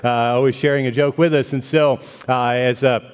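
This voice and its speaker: A man's voice: medium pitch, steady tone, normal speed, clear, resonant tone. A man from the northern United States giving a folksy sermon as guest preacher, with many fillers and restarts. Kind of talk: sermon with a joke. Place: church sanctuary. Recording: long church reverb.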